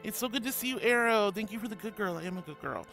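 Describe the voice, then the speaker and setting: A woman's voice: medium pitch, very fast, fairly bright tone. A woman VTuber streamer chatting casually and affectionately with viewers, bubbly and self-deprecating, with a stuffy nose from allergies. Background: background music.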